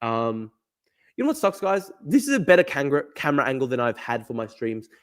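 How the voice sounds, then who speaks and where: A man's voice: medium pitch, sing-song, a little fast. A young man from Australia hosting a casual livestream, reading viewer comments aloud and rambling with frequent repeats. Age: young adult. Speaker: livestream host reading chat.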